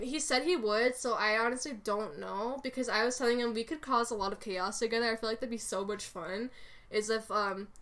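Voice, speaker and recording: A woman's voice: a little high, fairly bright tone. Rambling giggly young woman podcaster. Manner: rambling, giggly, many filler words. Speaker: podcast co-host. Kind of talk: casual chat about role-play characters.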